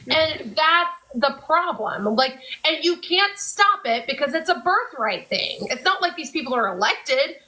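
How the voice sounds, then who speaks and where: A woman's voice: high-pitched, sharp tone, rough recording. A woman co-hosting a casual fan podcast, talking in a chatty way with lots of fillers. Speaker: podcast co-host.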